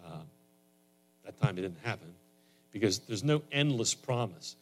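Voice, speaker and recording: A man preaching a sermon in a conversational way, his voice rising higher and louder on emphatic lines. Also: expressive, normal speed. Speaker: pastor.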